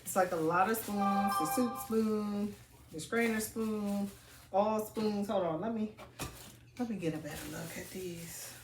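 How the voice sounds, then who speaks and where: A woman vlogging from home as she unboxes gifts, chatty and excitable, calling her viewers y'all. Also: mid-range voice, measured pace, reverberant, background noise. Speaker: family vlogger. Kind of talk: casual unboxing vlog. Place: home, indoors.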